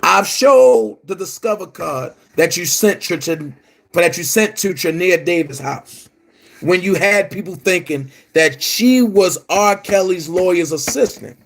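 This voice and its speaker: Slow, heated high-voiced man. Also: animated, gravelly. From Baltimore. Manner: confrontational, repetitive, calls listeners brother. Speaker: online commentator. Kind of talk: heated monologue to camera.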